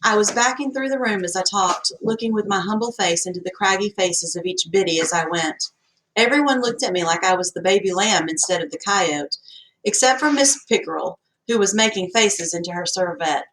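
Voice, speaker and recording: A woman narrating an audiobook in the first person, in a folksy, expressive storytelling manner. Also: mid-range voice, a little fast, slight background noise, rough recording.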